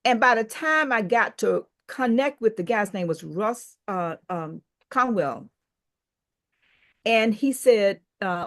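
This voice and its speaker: A woman's voice: medium pitch, unhurried. An older woman, a business owner, telling a story as a podcast guest and acting out the people she quotes. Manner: animated storyteller who acts out quoted dialogue. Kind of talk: storytelling in an interview.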